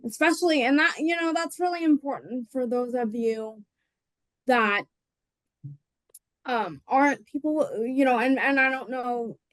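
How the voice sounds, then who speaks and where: A woman's voice: high-pitched, unhurried, a bit bright, no room sound, rough recording. A woman giving a casual webinar presentation, rambling with lots of fillers and restarts. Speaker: presenter on voting rights.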